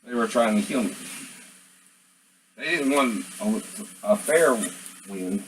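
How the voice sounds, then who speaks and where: A man's voice: lowish voice, takes it slowly, a little hiss or hum, rough recording. A man vlogging at home, rambling and venting as he talks to absent people and keeps asking "right?". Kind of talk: rambling monologue to camera.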